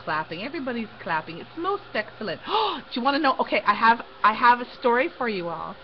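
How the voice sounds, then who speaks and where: A woman's voice: a little high, fast. A middle-aged woman hosting a casual craft livestream, giggling often as she tells a story while she works. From Canada. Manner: giggly, animated storyteller who laughs often. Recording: dull lo-fi stream audio with faint noise.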